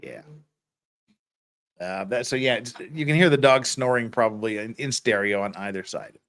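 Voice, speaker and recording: A man's voice: medium pitch, moderate pace, fairly bright tone. A man hosting a casual legal commentary livestream, reading viewer comments aloud and giving blunt, profane opinions with frequent restarts.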